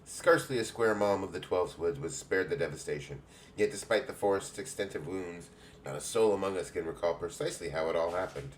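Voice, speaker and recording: Close to his everyday voice but sitting low and a little fast, a man reads game dialogue aloud as the regal, motherly woman in charge of an adventurers' guild. The English accent is assumed, the speech grand and old-fashioned, and there's a little hiss or hum.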